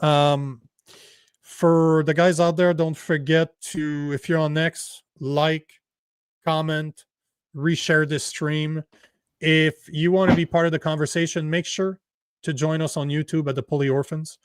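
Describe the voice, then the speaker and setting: A man whose first language is French, co-hosting a casual political livestream in a rambling, animated way with free swearing. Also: fairly high pitch, unhurried, clear, resonant tone, dry recording, studio quality. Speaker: livestream co-host.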